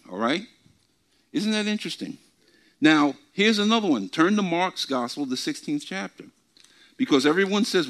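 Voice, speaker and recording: A man teaching from the Bible before a group, often asking questions and repeating his words, reading scripture slowly with emphasis. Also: a little high, animated. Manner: asks the congregation questions and repeats himself. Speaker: preacher. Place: church meeting before a group.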